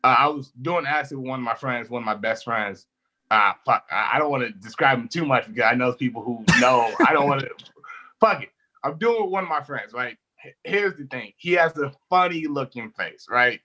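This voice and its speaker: A young man, a comedian, chatting casually and telling animated stories, laughing often and swearing freely. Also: mid-range voice, a little fast, lo-fi sound. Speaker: comedian guest. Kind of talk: casual storytelling chat.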